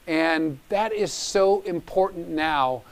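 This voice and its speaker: A man's voice: a little high, slow pace. A man hosting a live charity auction, upbeat and urging people to bid. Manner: upbeat, pushes for bids. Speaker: gala auction host.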